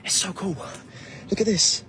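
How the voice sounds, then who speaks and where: A young man with an English accent gushing in an excited vlog. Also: slight background noise. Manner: gushing, rapid.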